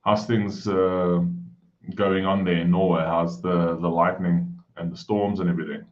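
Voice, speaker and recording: Deep-voiced man, muffled stream. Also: flat delivery, moderate pace. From South Africa. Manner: friendly, greets viewers by name, keeps voice down. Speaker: livestream host. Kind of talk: casual live-stream chat. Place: home room.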